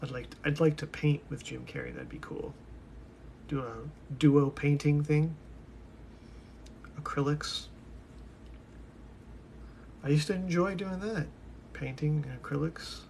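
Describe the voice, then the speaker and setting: A man's voice: on the high side, measured pace, vocal fry, pauses often, a little mellow, slight background noise. A young man rambling to himself in a casual monologue, drifting from one topic to the next. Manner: musing, talks to himself, drifts between topics.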